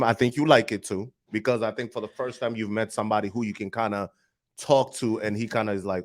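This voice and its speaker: A man's voice: fairly low pitch, steady tone, fast. A man hosting a podcast, talking casually and giving blunt, direct advice. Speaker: podcast host. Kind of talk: casual chat.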